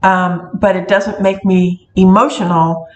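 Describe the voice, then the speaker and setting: A woman's voice: fairly low pitch, fairly even intonation, a little slow, dull audio. A middle-aged woman, a witch who runs a metaphysical shop, talking casually in a rambling way with many ums and restarts. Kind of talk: casual talking-to-camera vlog. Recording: echoey room.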